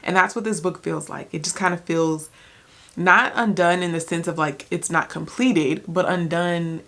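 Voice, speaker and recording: A woman's voice: fairly low pitch, fairly even intonation, normal speed, fairly bright tone. Chatty young woman vlogging about books. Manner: chatty, rambling, many "like"s and restarts; talking while eating. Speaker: book vlogger. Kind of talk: casual vlog chat.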